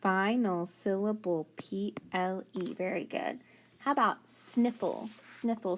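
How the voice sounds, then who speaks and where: Woman teacher, unhurried phonics lesson delivery, mid-pitched, encouraging. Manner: sounds out letters slowly and praises often.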